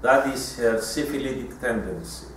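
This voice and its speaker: A man giving a lecture in a deliberate style, often restarting his sentences. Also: medium pitch, a bit bright, slight background noise. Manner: deliberate, with frequent restarts and fillers. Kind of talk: recorded lecture. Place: lecture room. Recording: echoey room, mic far off.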